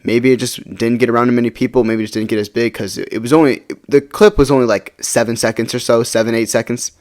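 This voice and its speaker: Fast-talking young man telling a story. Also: medium pitch, steady tone, darkish tone. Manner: rambling, repeats words and fillers like "right?". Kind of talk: casual storytelling to camera.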